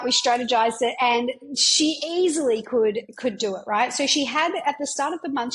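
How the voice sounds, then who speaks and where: A woman in her thirties talks through a podcast monologue with a slightly high voice. She sounds enthusiastic and chatty, and she keeps tossing in "right?" as she mentors her listeners. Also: low-quality recording. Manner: enthusiastic, chatty, frequent tag questions. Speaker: podcast host and business mentor. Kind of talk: casual monologue.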